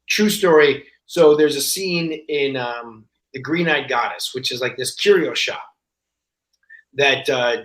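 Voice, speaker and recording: Speaking at medium pitch, the guest actor spins animated stories in relaxed podcast conversation, performing each quoted person's voice. There's a roomy echo on the recording.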